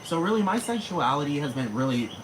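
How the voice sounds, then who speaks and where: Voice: medium pitch, big pitch swings, noisy background. A person in their thirties ranting in a monologue, swearing heavily and packing in fillers. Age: 30s. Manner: rapid, heavy swearing, many fillers. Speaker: vlogger.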